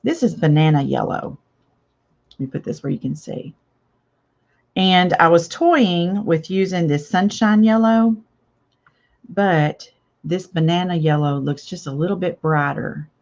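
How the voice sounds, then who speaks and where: A woman's voice: on the low side, expressive, a little slow, pauses often, a little mellow, muffled recording. An older woman hosting a casual live craft chat, chatty and reading viewer comments aloud with frequent laughs. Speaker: craft channel host.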